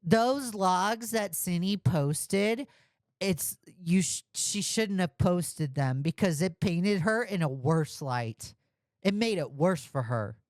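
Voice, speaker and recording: A woman's voice: fairly low pitch, lively intonation, slow, darkish tone, no room sound, clean studio sound. A woman commentator ranting scathingly about another creator, mocking and blunt. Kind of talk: reaction commentary.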